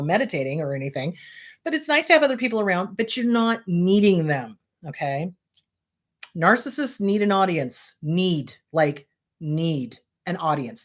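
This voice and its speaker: This is a woman who works as a therapist and hosts a laid-back advice show, responding to viewer questions with bluntness and emphasis. Phrase by phrase her pitch swings widely, giving her a lively, animated sound.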